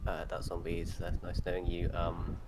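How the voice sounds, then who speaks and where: A man with a somewhat low voice, chatting through a game and pleading with the dice between laughs and curses. There is a faint hiss behind him. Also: monotone, normal speed. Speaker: player. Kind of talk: casual gaming banter.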